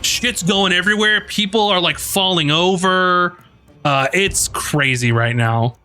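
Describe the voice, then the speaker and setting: A man running a tabletop game as game master, narrating in a halting way with many ums and uhs. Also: high-pitched, pushed and bright.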